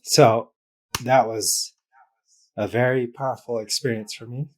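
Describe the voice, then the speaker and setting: A man's voice: mid-range voice, fairly even intonation, a little slow, darkish tone. A man as an interview guest, telling an emotional personal story in an open, heartfelt way with many fillers. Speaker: guest, business founder.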